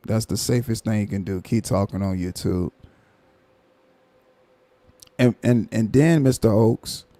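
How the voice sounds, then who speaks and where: A man rants on his live stream, mocking and animated. His voice is dark and gravelly. The sound is dry and close. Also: mid-range voice, no room sound. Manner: animated, mocking, repeats himself. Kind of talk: casual commentary rant.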